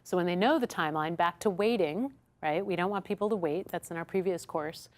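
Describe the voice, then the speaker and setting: A woman with a fairly low voice teaches a customer-service workshop in a studio classroom. She is lively and acts out little dialogues, often asking the room "right?". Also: fairly quick. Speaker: instructor. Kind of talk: recorded workshop lesson. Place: studio classroom with a small audience.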